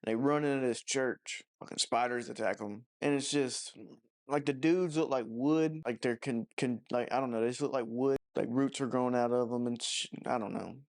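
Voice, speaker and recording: A man's voice: medium pitch, moderate pace, a little mellow. A man giving a casual, rambling movie review, mocking and profane, with lots of "you know" and "I don't know" fillers.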